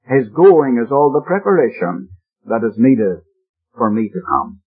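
A man delivers an earnest, emphatic radio sermon in a slightly husky voice. His pitch swings widely as he stresses key words. The sound is thin and boxy, like an old broadcast heard over a phone-like band. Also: big pitch swings, a little slow. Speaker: preacher. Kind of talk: radio Bible-teaching sermon.

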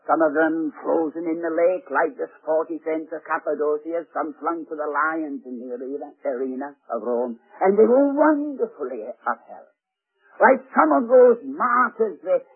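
A man preaching a sermon slowly and fervently, his voice swelling and dropping with emotion, with hesitant fillers between phrases. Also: on the high side, slightly rough. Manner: slow, deliberate delivery with hesitant fillers. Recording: tinny lo-fi radio broadcast recording.

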